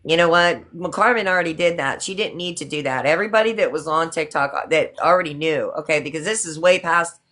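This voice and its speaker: A woman's voice: low voice, brisk, hardly any pauses, a bit bright. A middle-aged woman hosting a casual livestream, talking indignantly and repeating her points for emphasis. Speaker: livestream host.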